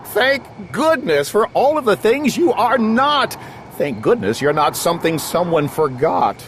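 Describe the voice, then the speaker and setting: A man's voice: sits high, big pitch swings, a little slow, a bit bright, a little hiss or hum. A man reading a rhyming children's book aloud in a playful, sing-song storytelling manner. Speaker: storybook reader.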